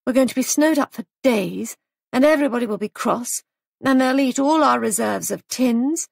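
A woman voicing an anxious young wife who runs a guest house, raising her voice higher and speaking in a worried, plaintive way. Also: normal speed, vocal fry, dry recording, clean studio sound. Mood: fretful.

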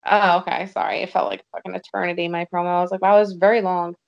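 A woman's voice: on the low side, level tone, fast talker, gravelly. A woman guest on a podcast, trading blunt, dry comebacks in casual chat. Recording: dull lo-fi sound.

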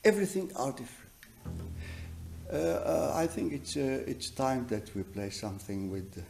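Slow, halting man teaching a masterclass. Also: medium pitch, vocal fry, faint music behind. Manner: halting, searching for words, frequent restarts; animated, emphatic storytelling. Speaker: double bass teacher leading a masterclass. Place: music college teaching room.

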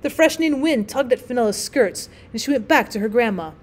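A woman teacher narrating a classic short story as an audiobook, with clear, measured storytelling. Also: a little high, expressive. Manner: clear, measured storytelling with gentle voices for characters.

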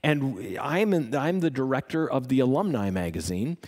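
A man's voice: mid-range voice, big pitch swings, normal speed, big-room sound. Storytelling pastor, emphatic man. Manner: storytelling, emphatic, winds into soft prayer. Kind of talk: sermon.

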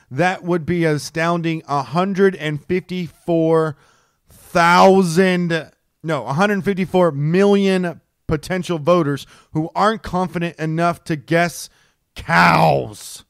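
A man's voice: a little high, slow pace, dry recording, studio quality. Ranting, cursing comedy podcast man. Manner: excitable, swears a lot, ranting. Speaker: podcast co-host. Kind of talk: casual comedy podcast chat.

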